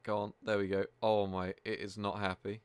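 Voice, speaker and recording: Low-voiced chatty male game streamer. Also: little pitch movement, normal speed, clear, resonant tone, no echo. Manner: chatty, exasperated, swears freely. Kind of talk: live gameplay commentary.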